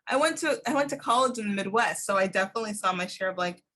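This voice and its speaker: Bright lively woman podcast host. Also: medium pitch, fast. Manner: lively, laughs often, many "like" fillers. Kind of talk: casual chat.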